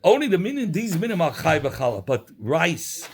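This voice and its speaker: A man's voice: fairly high pitch, big pitch swings, moderate pace, breathy edge. A man with a Yiddish-inflected English accent, teaching a Talmud class and explaining terms step by step with frequent restarts.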